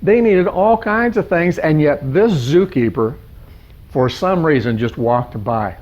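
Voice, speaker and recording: A male life coach with a fairly high voice tells a parable, animated and fond of stacking up lists. The recording is dull and lo-fi. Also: unhurried. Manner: animated, piling up lists of words. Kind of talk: storytelling in a coaching session. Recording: dull lo-fi sound.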